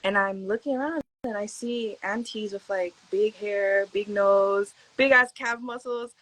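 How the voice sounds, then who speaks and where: A woman's voice: medium pitch, measured pace, fairly bright tone, low-quality recording. A young woman from Hawaii, a podcast guest, telling stories in a laid-back, slangy way with lots of "like" fillers and acted-out quotes. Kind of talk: casual storytelling chat.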